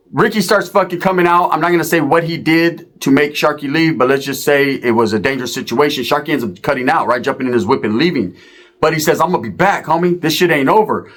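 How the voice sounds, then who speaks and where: A man's voice: fairly high pitch, fairly quick, fairly bright tone. A man telling a profane, rambling comic story, ending his punchlines with tag questions. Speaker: comedian. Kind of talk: comedic storytelling.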